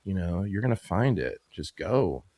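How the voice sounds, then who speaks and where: A man's voice: sits low, big pitch swings, moderate pace, mellow, no echo. A man in his fifties, a business owner and podcast guest, telling a story in a rambling, casual way full of "you know" and "like.".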